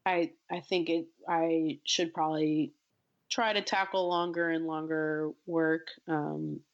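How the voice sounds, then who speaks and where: A woman with a low, gravelly voice talks about her writing in a thoughtful, halting way. The audio sounds dull and a bit lo-fi. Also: flat delivery. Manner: thoughtful, hesitant, many ums and restarts. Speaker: guest writer. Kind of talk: casual interview chat.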